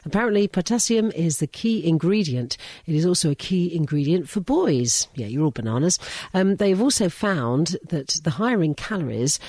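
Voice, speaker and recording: A woman co-hosting a radio show, reading out listener questions in a lively, playful way. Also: low voice, slightly rough, no echo, clean studio sound. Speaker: radio co-host.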